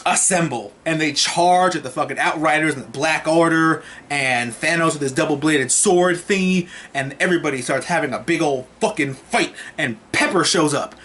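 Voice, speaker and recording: A man with a slightly high voice excitedly recaps a film as a movie reviewer, at a moderate pace with hardly any pauses. He rambles and swears freely, speaking to the camera as if chatting with friends.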